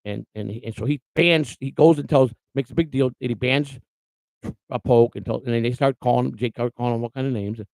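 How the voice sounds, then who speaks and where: Gravelly rambling livestream host. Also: male voice, medium pitch, brisk, darkish tone, no echo, low-quality recording. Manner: rambling, blunt, many restarts. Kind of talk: casual livestream monologue.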